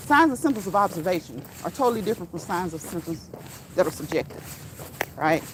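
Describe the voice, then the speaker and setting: A woman's voice: fairly low pitch, animated, quick pace. Middle-aged woman, walking vlogger, outdoors, chatty, repeats herself, noisy background. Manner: chatty, laughs often, repeats phrases for emphasis. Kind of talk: casual walk-and-talk vlog. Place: outdoors on a walk.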